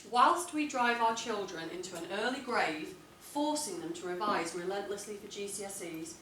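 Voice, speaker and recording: A woman leads a classroom writing lesson. She speaks clearly and deliberately and leans on key words when she reads examples aloud. Her voice carries from a distance in an echoey room, with a faint hum of room noise behind it. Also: medium pitch, expressive, a bit bright. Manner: clear, deliberate, emphatic reading of model texts. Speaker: English teacher.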